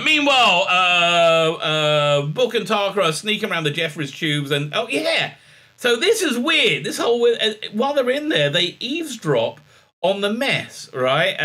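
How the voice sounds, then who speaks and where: A man's voice: fairly high pitch, bright, forceful tone. A man recapping a TV episode in a sarcastic, ranting tone, with many "uh"s and sighs of exasperation. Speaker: show reviewer.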